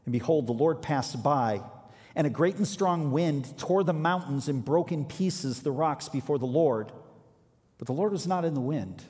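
A man's voice: fairly high pitch, normal speed, darkish tone. Man preaching in an echoing hall. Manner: reads scripture aloud, then explains with emphatic rises. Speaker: pastor. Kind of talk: sermon. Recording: reverberant hall.

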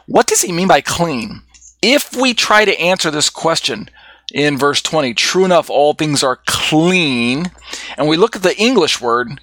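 A man's voice: on the high side, a bit bright, no room sound. A man teaching a Bible study in an explanatory way, with frequent fillers and restarts.

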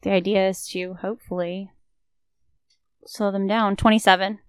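A woman's voice: mid-range voice, little pitch movement, moderate pace, smooth. A woman playing a tabletop game who thinks aloud while picking her moves. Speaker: player.

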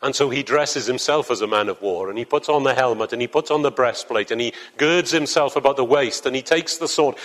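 A man's voice: mid-range voice, brisk, few pauses. A man preaching a sermon to a congregation in church, earnest and building to fervent emphasis. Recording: long hall reverb.

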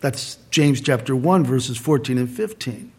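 A middle-aged man preaching a sermon as pastor, earnest and conversational, slowing down to stress key points. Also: mid-range voice, dark tone, husky.

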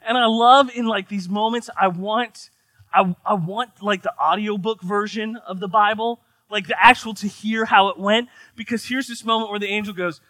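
A man from the United States preaching a sermon in an animated, joking, conversational way. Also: high-pitched, moderate pace, no room sound. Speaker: pastor.

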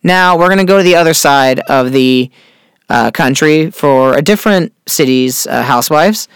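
A man hosting a casual pop-culture chat, gossiping with sarcasm, swearing freely and filling pauses with "uh". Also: a little high, clean tone, no echo, clean studio sound. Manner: chatty, gossipy, swears freely, many fillers; sarcastic, repeats catchphrase. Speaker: podcast host.

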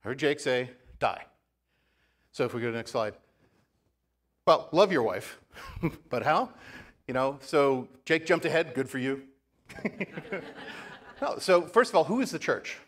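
A man's voice: mid-range voice, lively intonation, a little slow, long pauses. Man preaching a conversational sermon. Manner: conversational storytelling with asides. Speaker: pastor. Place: church.

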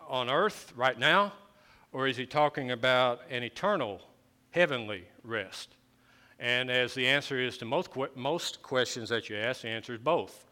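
A man's voice: mid-range voice, sharp tone, clean tone. A man preaching a conversational sermon, often restarting his phrases as he explains the scripture. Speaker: pastor.

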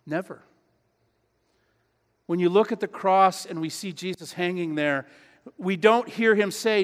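A man's voice: sits high, a little slow, pauses often. A pastor preaching a sermon in his church, earnest and emphatic, repeating key phrases. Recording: long hall reverb.

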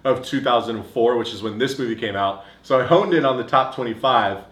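Deadpan young man, echoey room. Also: medium pitch, brisk. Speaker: podcast co-host. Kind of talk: casual chat.

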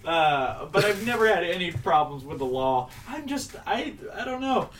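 A young man chatting casually as a podcast guest, telling stories haltingly with lots of fillers and restarts. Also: sits high, very animated, fairly bright tone, far from the mic, a little hiss or hum, low-quality recording. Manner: rambling, halting storyteller with many fillers. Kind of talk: casual chat.

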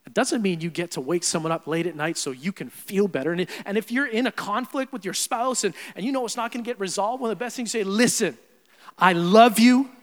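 A young adult man preaching a sermon as pastor, animated, swinging between loud emphasis and quiet asides. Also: sits high, fast talker, few pauses. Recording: long hall reverb.

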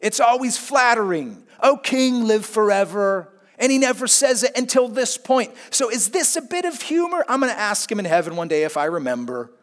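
A man preaching a sermon, telling a story expressively and swinging between hushed asides and emphatic points. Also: extremely high pitch, big pitch swings, fairly quick, few pauses. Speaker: pastor.

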